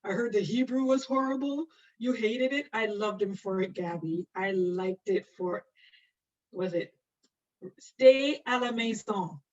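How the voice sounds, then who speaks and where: In a live online anatomy lecture, a middle-aged nursing instructor chats and laughs often while answering students by name. Her mid-range voice is unhurried and darkish, with fairly even intonation. The recording is distant, with a dull lo-fi mic.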